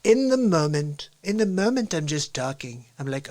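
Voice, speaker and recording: Man, middle-aged, stream host, rambling, lively rising voice, dry close sound. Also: a little high, moderate pace, hardly any pauses, no room sound. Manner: rambling, animated, slips into voices. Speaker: variety show host, real estate agent. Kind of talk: live-stream monologue.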